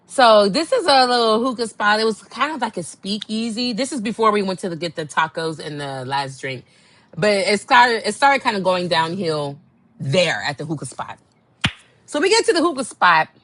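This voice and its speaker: A woman's voice: mid-range voice, normal speed, no room sound. Sassy woman telling a dating story. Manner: animated, sassy, acts out quotes. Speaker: podcast host. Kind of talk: casual storytelling monologue.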